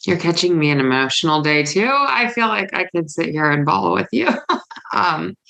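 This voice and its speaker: A woman's voice: lowish voice, animated, normal speed, vocal fry, sharp tone. A woman hosting a podcast interview, supportive and affirming, drawing out her guest's story. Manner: supportive, with many affirming murmurs. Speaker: podcast host.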